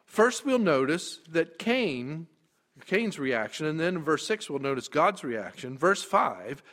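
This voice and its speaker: A man preaching a sermon, emphatic, dropping quiet and then rising loud. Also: a little high, sing-song, unhurried.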